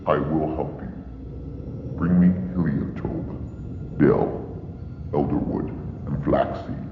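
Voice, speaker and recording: An actor playing a summoned demon, speaking in slow, solemn commands in a low-budget horror film clip. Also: male voice, fairly even intonation, phone-quality sound, background noise, full character voice. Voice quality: deep gravelly echoing voice. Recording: phone-thin echoey film clip with music.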